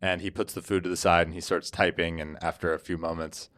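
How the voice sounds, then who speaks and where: A man narrating a tabletop game as game master, calmly describing scenes. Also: low-pitched, brisk.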